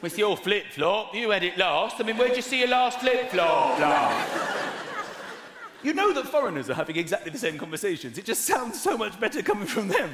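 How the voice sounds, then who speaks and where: High, lively British comedian in a hall. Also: male voice, moderate pace. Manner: animated, exaggerated sound effects and mock voices. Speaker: stand-up comedian. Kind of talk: stand-up comedy set. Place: large theatre stage. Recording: roomy hall with loud crowd and noise.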